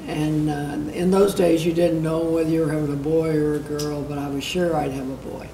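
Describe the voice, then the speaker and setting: An older woman reminiscing casually as an interview guest, telling stories in an unhurried way with many fillers and soft laughs. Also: sits low, little pitch movement. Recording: roomy, distant, noisy archival interview.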